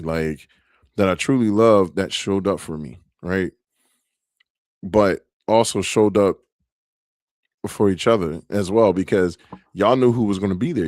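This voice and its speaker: A low-pitched young man hosts his own podcast and tells loose, slang-heavy stories with plenty of laughter. His voice sits close to the mic. The recording is dry, with no room sound. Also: dry recording. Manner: animated, laughing, loose slang-filled storytelling. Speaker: podcast host. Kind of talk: casual solo podcast storytelling.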